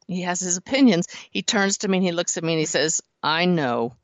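A woman hosting a talk show, chatting lively and laughing easily. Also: on the low side, quick pace, dry recording. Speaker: host. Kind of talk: casual talk show chat. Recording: dull, muffled sound.

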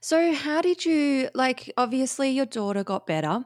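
Soft-spoken woman host. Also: high voice, animated, normal speed, dry recording, clean studio sound. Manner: emotional, soft-spoken, encouraging. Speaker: podcast host. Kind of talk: casual interview chat. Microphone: remote call.

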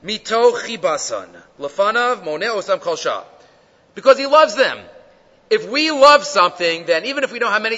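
Man, Torah lecture, animated rhetorical questions, long hall reverb, muffled lo-fi sound. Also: high-pitched, moderate pace. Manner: animated, asks rhetorical questions, mixes Hebrew quotes into English. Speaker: rabbi teaching the weekly Torah portion. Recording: dull lo-fi recording in a reverberant hall.

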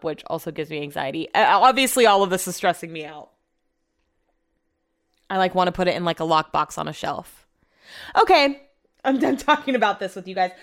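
A young woman chats on her solo podcast from a room at home. She rambles and restarts her sentences often, and her low-pitched voice stays smooth and clear. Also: a bit bright. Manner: rambling, chatty, many fillers and restarts. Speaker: podcast host. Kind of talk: casual solo podcast chat.

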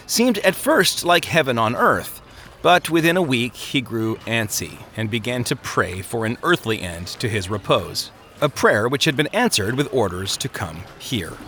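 Bright, lively male storybook narrator. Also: mid-range voice, a little hiss or hum.

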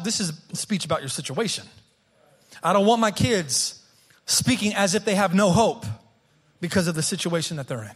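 A pastor in his thirties delivers a sermon in a high voice with a husky edge. He speaks earnestly and often doubles back on his words before pushing the point home. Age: 30s. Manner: earnest, repeats words as he restarts phrases.

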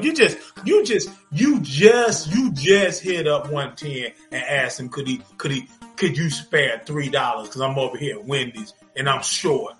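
A man's voice: mid-range voice, measured pace, hardly any pauses, soft background music. A man co-hosting a podcast, venting in casual slangy chat with lots of repetition. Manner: animated, repetitive, slangy ranting. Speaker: podcast co-host.

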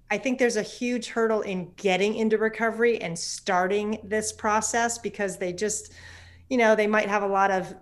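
Candid fifties woman, therapist guest on an interview, open and animated. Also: mid-range voice. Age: 50s. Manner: candid, animated, laughs often. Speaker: psychotherapist guest. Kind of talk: conversational interview.

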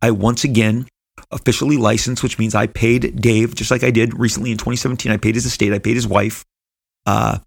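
A man's voice: on the low side, little pitch movement, fairly quick, creaky, breathy edge, no echo. A middle-aged man, a comic book creator, telling a personal story in an earnest, rambling way with frequent restarts.

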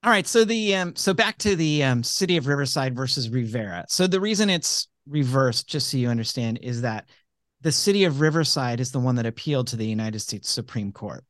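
A man's voice: mid-range voice, expressive, brisk, a bit bright, no room sound, clean studio sound. A man hosting a comedy podcast, teasing his co-hosts and then explaining a court case. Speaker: comedy legal podcast host. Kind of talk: casual chat and legal explanation.

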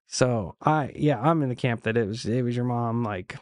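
A man in casual podcast chat, earnest and halting, circling back and restarting his sentences as he works out a thought. The sound is dry and close, with no room around it. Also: medium pitch, darkish tone, no room sound. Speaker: podcast co-host.

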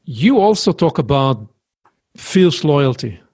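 Male interviewer, mid-pitched husky voice, short prompting questions. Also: sing-song, takes it slowly, a little mellow, dry recording, studio quality. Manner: brief, appreciative prompts.

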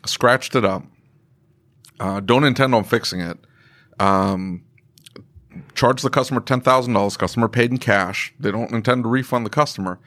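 A man's voice: mid-range voice, moderate pace, pauses often, fairly bright tone, no room sound. A man co-hosting a live podcast, teasing his partner and telling shop stories. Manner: teasing storyteller. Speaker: podcast co-host.

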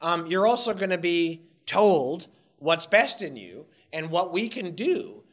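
A man from Montreal, a guest in an interview, with a somewhat higher voice. He talks in passionate, rambling bursts, restarts his sentences and swears freely. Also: very animated, a little slow. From Montreal, Canada. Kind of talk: candid interview talk.

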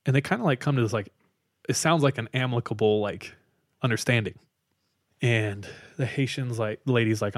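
A man co-hosting a podcast, casually retelling a spooky story with lots of fillers and a hushed tone for the eerie parts. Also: medium pitch, normal speed, no room sound, studio quality. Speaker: podcast co-host telling a story.

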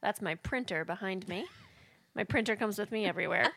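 Bright woman with a Chicago accent. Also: mid-range voice, fairly quick, vocal fry, no echo. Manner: animated storyteller, loud bursts. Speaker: podcast co-host. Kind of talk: casual chat.

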